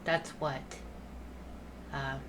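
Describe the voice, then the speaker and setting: A woman's voice: rumbling low, steady tone, extremely slow, very noisy. A woman playing a tabletop game, talking in an easygoing way and thinking aloud. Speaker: player. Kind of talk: casual tabletop play.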